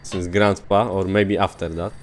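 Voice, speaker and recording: A man's voice: low voice, level tone, moderate pace, faint music behind. A man from Poland with a Polish accent, a native Polish speaker, chatting casually while streaming a game, rambling with many fillers. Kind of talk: casual gaming stream chat.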